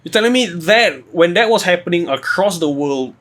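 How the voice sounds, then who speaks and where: A young man co-hosting a podcast in loose casual chat. He rambles and swears freely, his voice sitting a little high and bouncing up and down a lot. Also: moderate pace. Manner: rambling, profane, animated. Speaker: podcast co-host.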